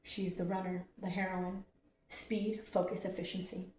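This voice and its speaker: A woman's voice: fairly low pitch, little pitch movement, measured pace, darkish tone. A woman hosting a casual card-reading stream who chats, laughs and swears between readings. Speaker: host reading oracle cards. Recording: roomy, distant from the mic with faint noise.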